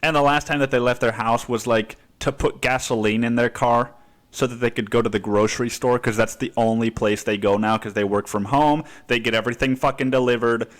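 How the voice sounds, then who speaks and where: A man's voice: medium pitch, fairly even intonation, brisk. A man hosting a podcast, ranting casually and rambling with lots of cursing and "dude.". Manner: rambling, heavy cursing, says "dude" a lot. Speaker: podcast host. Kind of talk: casual profane rant.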